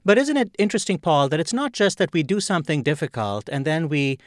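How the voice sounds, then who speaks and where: Expressive male podcast host. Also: on the high side, quick pace, dry recording, clean studio sound. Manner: thoughtful, conversational questioning. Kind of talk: interview.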